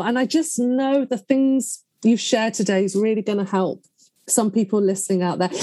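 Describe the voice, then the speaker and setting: Brief: gushing female podcast host with a bright-pitched voice, heartfelt and chatty. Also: no room sound. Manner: effusive and openly emotional. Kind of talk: casual conversational interview.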